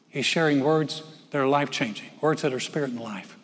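A man's voice: mid-range voice, fast talker, few pauses, in a large hall. A man preaching a sermon as pastor, conversational and folksy, with joking asides. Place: church sanctuary.

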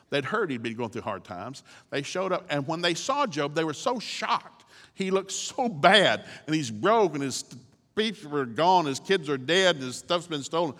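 A man's voice: on the high side, a bit bright, long reverb tail. A man preaching as a guest speaker, telling the story with folksy humor. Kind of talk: sermon.

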